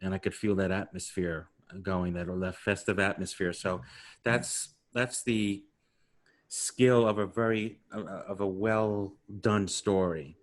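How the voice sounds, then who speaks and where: A man of sixty with a thick New York accent hosts a casual podcast chat in a lowish voice. He rambles warmly through his thoughts and laughs easily between questions. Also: steady tone, a little slow. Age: 60s. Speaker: podcast host.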